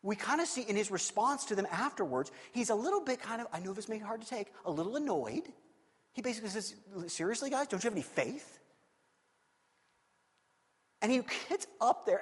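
A man preaching a sermon, animated and acting out scenes with shifting voices. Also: extremely high pitch, in a large hall. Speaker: pastor.

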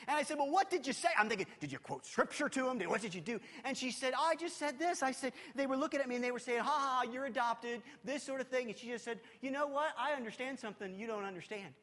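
A man preaching a sermon as a youth pastor, animated and urgent, often dropping to a hushed, intimate tone. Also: extremely high pitch, quick pace, hardly any pauses, big-room sound.

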